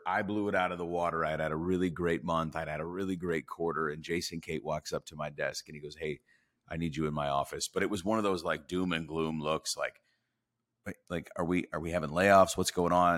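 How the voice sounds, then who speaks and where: A man's voice: rumbling low, a bit bright. A man in his forties, a podcast guest, telling a career story and acting out the dialogue with animation.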